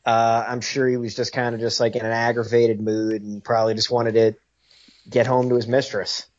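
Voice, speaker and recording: Podcast guy goofing in a high-ish voice, muffled audio. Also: flat delivery, normal speed. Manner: jokey, speaking in a high voice. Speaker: podcast co-host. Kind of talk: casual sports podcast chat.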